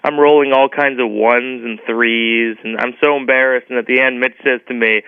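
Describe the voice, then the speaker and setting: A man's voice: medium pitch, steady tone, normal speed, hardly any pauses, smooth, no echo. A man telling a scripted personal story on radio in a wry, earnest, self-deprecating way, heard over a phone-like line. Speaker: comedian guest. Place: radio studio.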